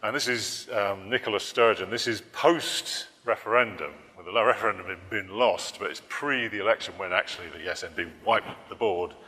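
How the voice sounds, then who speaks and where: Male political cartoonist at a public talk: deep, bright voice, rambling, dry wit, echoing hall. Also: normal speed, few pauses. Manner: rambling, self-correcting, dry humor.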